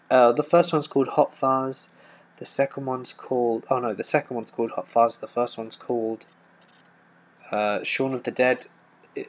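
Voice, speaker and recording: A man, hosting a casual live stream and answering viewer questions in a chatty, hesitant way. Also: medium pitch. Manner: chatty, hesitant, with frequent fillers and restarts. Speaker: horror story narrator and channel host.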